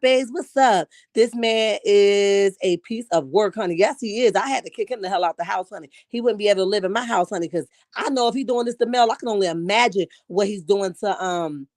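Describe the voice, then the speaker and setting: A woman's voice: mid-range voice, no echo, studio quality. A woman hosting a live chat stream, giving blunt, sassy commentary and calling everyone honey. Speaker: livestream host.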